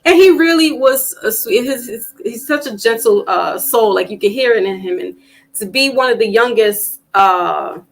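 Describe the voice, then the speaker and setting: A woman hosting a casual live-stream panel, chatting loosely with plenty of fillers and restarts and getting animated when she tells a story. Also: on the high side, moderate pace, vocal fry, poor audio. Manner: animated when telling stories.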